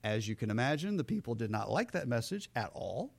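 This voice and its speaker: A pastor preaching an animated sermon, who dramatically acts out the figures in his stories. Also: medium pitch, brisk, gravelly.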